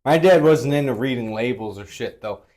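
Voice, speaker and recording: A man's voice: medium pitch, normal speed, a little mellow. A man co-hosting a casual podcast, easygoing and laughing a lot. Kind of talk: casual crude chat.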